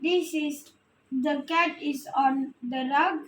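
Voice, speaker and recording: A woman teaching phonics and reading a children's book aloud, slowly and carefully, word by word. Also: high voice, fairly even intonation, slight background noise. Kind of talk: slow phonics lesson and read-aloud. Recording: echoey room.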